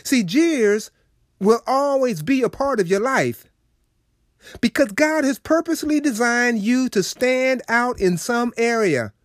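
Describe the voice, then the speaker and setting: A man's voice: extremely high pitch, animated, measured pace, no echo, clean studio sound. A man preaching a radio sermon, folksy and preachy, talking straight to his listeners.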